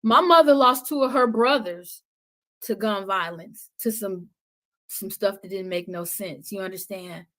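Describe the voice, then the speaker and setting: A middle-aged woman, a podcast guest, speaking with passion and conviction, often dropping to a soft, intense tone. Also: medium pitch, measured pace. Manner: impassioned, preachy, drops to soft intensity. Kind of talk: passionate conversational talk.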